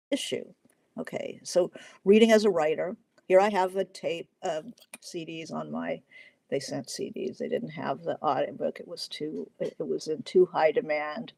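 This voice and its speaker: A woman's voice: deep voice, creaky, mellow, no room sound. A middle-aged woman hosting a writing Q&A livestream, talking casually and wandering off on tangents with lots of fillers. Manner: chatty and digressive, many fillers.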